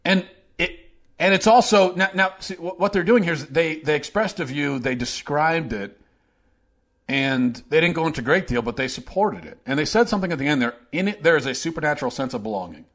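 A man hosting a political opinion show, delivering a sarcastic, animated monologue. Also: a little high, normal speed. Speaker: podcast host.

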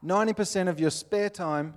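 A man's voice: high voice, fairly quick. An Australian man giving an earnest, plainspoken sermon, with little acted-out scenes. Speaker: pastor.

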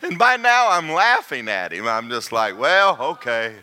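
An older man preaching, telling a folksy story with laughter and rising to shouts. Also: fairly high pitch, huge pitch swings, moderate pace. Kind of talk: sermon storytelling.

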